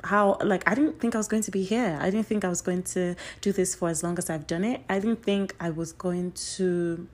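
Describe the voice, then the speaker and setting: A young woman hosts her own solo podcast in a somewhat low-pitched voice. She gushes at her listeners, repeating phrases for emphasis. Excited bursts give way to soft, trailing asides. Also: moderate pace, hardly any pauses. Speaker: podcast host.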